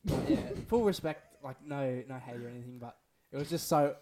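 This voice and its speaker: A man's voice: medium pitch, lively intonation, moderate pace, over a noisy crowd. A young man, a podcast co-host telling rambling, sweary stories in casual chat.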